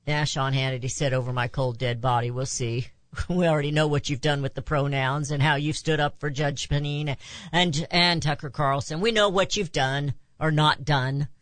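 A woman's voice: sits low, normal speed, no room sound. A woman hosting a talk radio show, delivering an impassioned opinion monologue full of rhetorical questions.

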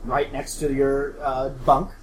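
A man runs a horror tabletop game, narrating scenes in a loose, rambling way, full of "like" and "you know." His voice sits at an ordinary middle pitch. A faint hiss sits behind him. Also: flat delivery, takes it slowly, echoey room, rough recording. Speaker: game master.

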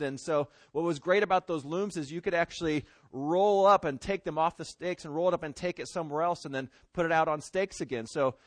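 A man's voice: on the high side, no room sound. A man, preaching a sermon in a folksy, conversational way full of homespun comparisons. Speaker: pastor.

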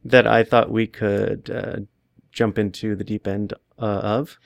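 A man's voice: fairly low pitch, level tone, measured pace, creaky. A man interviewing a guest in casual chat, dropping dry, joking asides.

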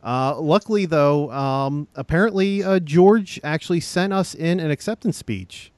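A man's voice: on the high side, unhurried, a little mellow, no room sound. Stammering male podcast host. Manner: stammering, apologetic, laughs often. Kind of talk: casual podcast chat.

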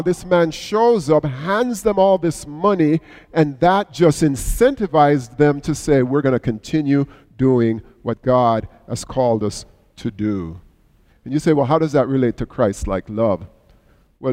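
A middle-aged male pastor preaching a sermon, telling a story with sudden swings between hushed and raised passages. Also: mid-range voice. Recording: long hall reverb.

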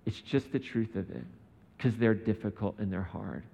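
A man's voice: fairly low pitch, animated, normal speed, gravelly, warm tone. A man preaching a sermon in a conversational way, often asking his listeners rhetorical questions. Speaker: pastor. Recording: dull sound in a reverberant hall.

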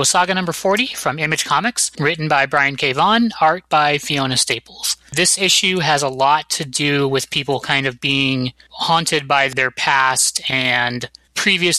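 A man's voice: on the high side, bright, forceful tone, no echo, poor audio. A man hosting a comics review podcast in casual, enthusiastic chat, with lots of "like" and "you know". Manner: enthusiastic, chatty, many fillers. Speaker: podcast host.

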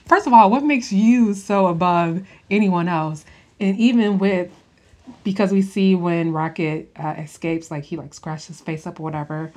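A woman's voice: lowish voice, normal speed, a little mellow. A young woman in casual chat, rambling through a film review with fillers and laughs. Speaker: podcast host reviewing a film.

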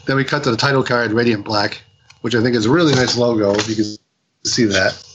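A man in mid pitch chatting casually as a podcast co-host. He recaps a story in a loose, rambling way, with plenty of fillers and restarts. He slips into lively little voices when quoting people. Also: fairly quick, background noise. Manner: rambling retelling full of fillers and quoted dialogue. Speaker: podcast co-host reviewing comics. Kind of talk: casual chat.

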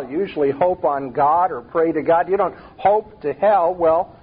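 A man's voice: a little high, animated, moderate pace, hardly any pauses, breathy edge, phone-quality sound. A man preaching a sermon, emphatic and full of rhetorical questions.

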